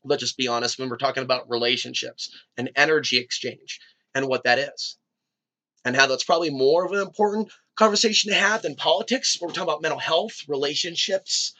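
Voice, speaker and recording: A man talks in a meandering, free-flowing monologue and drifts from one tangent to the next. His voice sits a little high and has a bright, forward edge. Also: fast talker. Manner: rambling and conversational, drifting between tangents. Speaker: video host.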